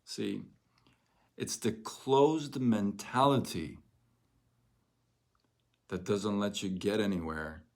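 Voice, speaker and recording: A man with a lowish voice speaks slowly and deliberately on a livestream. He coaches in an emphatic way and keeps repeating phrases to drive his point home. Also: darkish tone. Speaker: network marketing coach. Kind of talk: motivational livestream talk.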